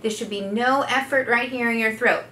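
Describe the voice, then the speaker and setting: Woman voice therapist demoing exercises, kinda high voice, roomy echo, a little background hiss. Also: fairly even intonation, normal speed. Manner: coaching, demonstrating loud sustained vowels. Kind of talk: instructional voice exercise demo. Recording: echoey room, faint background noise.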